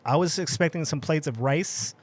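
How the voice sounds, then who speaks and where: A man's voice: on the high side, moderate pace. A man who is a guest on a podcast, chatting casually in a studio, laughing often and stumbling over restarts as he teases the hosts. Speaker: podcast guest, content creator. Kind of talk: casual chat.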